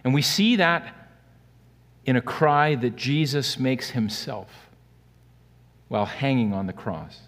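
A man preaching a sermon earnestly, swinging between loud emphatic peaks and quiet, hushed lows. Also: takes it slowly, pauses often. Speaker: pastor. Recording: long hall reverb.

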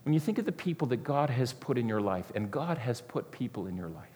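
A man preaching a sermon, earnest and repetitive, often sinking to a soft hush for emphasis. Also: medium pitch, big pitch swings, a little fast, slight background noise. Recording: long hall reverb.

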